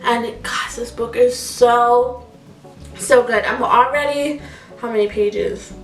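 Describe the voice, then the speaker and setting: A woman's voice: slow, distant mic. A woman in her twenties chatting casually on camera about her favorite products, gushing and repeating how much she recommends things. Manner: chatty, gushing, repeats "so good" and "highly suggest". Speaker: beauty vlogger. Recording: echoey room, voice a bit off-mic, soft music. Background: faint background music.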